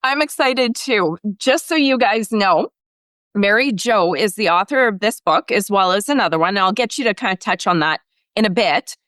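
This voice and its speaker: A woman hosting an interview show, bubbly and passionate, with a loud, excited way of talking. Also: medium pitch, moderate pace, dry recording, studio quality. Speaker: podcast host.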